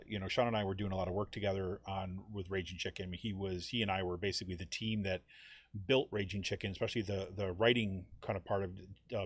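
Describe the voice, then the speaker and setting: A man with a lowish voice hosts a live political podcast, talking off the cuff. He rambles and loops back on himself, peppering every thought with "right?" The sound is dry and close, with no room around it. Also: no echo. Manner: rambling, frequent "you know" and "right?". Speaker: podcast host. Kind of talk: casual political talk.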